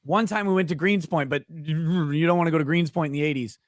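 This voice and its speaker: A man's voice: fairly high pitch, a little fast, no echo, studio quality. A man hosting a casual chat with friends, telling rambling, profane stories about family and childhood. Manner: rambling storyteller, loose and profane. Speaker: host.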